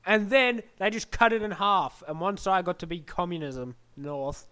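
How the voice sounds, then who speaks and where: A man's voice: high-pitched, normal speed, pushed and bright, smooth, low-quality recording. A young man giving a goofy, scatterbrained comedic monologue into a desk microphone, acting out silly voices. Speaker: comedic history narrator.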